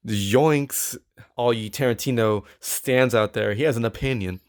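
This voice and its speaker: A man co-hosting a podcast in casual chat, animated and stammering with quick asides. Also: medium pitch. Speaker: podcast co-host.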